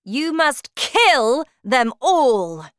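A woman voicing a cruel, bossy female witch leader who shouts her orders with scorn, in a storybook reading. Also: high voice, big pitch swings, extremely slow, clear, resonant tone, no room sound, clean studio sound, pitched above the performer's own voice, exaggerated voice. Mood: scornful, commanding. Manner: shouting, commanding, contemptuous.

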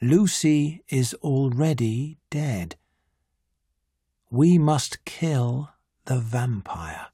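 A reader voicing a calm, grave older male doctor who hunts vampires, in an audiobook. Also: mid-range voice, slow, dry recording, studio quality. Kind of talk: audiobook character voice.

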